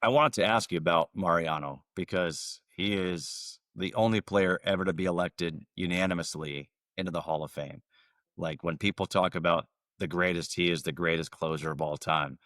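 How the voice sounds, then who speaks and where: Man, deep voice, upbeat podcast host, dry sound. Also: normal speed, a bit bright, no echo. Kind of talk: casual interview.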